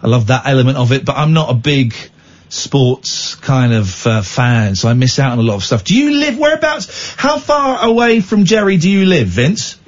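Late-night radio host, man, joking and rambling, husky, sound a little dull. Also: medium pitch, big pitch swings, moderate pace. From Britain. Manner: teasing, jokey, rambling.

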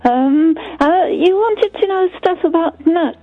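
Slow woman on a phone line. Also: extremely high pitch, dry recording. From Belgium. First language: French. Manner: hesitant, halting. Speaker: caller.

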